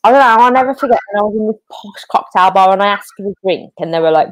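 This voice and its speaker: A young English woman chatting as a guest, talkative and quick to laugh. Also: mid-range voice, animated, no room sound, low-quality recording. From United Kingdom. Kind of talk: casual chat.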